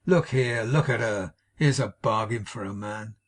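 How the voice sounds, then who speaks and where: A man with a husky voice playing a drunken, cruel young husband who bullies and sneers at his wife in an audiobook. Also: on the low side, a little slow. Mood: contemptuous. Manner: snarling, contemptuous. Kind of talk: audiobook character voice.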